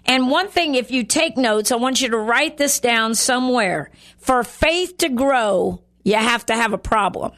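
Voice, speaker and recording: An earnest woman with a fairly high voice gives a conversational sermon on her show. She speaks warmly and directly to her listeners and slips into character voices when she quotes scripture dialogue. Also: expressive, unhurried. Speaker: Bible teacher hosting a show.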